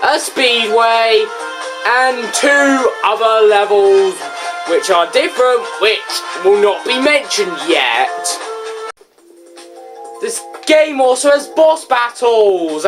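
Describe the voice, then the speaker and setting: A game reviewer giving casual, goofy, rambling commentary with self-mocking asides. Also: mid-range voice. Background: game music.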